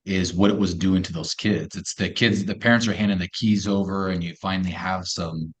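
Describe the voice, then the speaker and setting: A middle-aged man with a low voice talks up his product as a podcast guest. His delivery is an energetic pitch with folksy turns of phrase. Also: a little fast. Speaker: company co-founder guest. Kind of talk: podcast interview.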